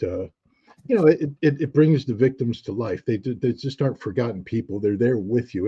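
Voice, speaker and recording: A man's voice: fairly low pitch, dark tone, husky, lo-fi sound. A man, a guest on an interview show, telling stories reflectively with frequent restarts and fillers. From United States. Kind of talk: conversational storytelling.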